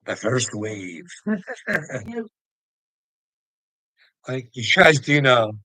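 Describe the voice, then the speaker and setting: Bright-voiced man, swearing and ranting, laughs a lot, very dry close sound. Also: mid-range voice, very animated, very slow, no echo, low-quality recording. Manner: profane, heated, laughing between lines. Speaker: vlogger. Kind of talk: ranting monologue to camera.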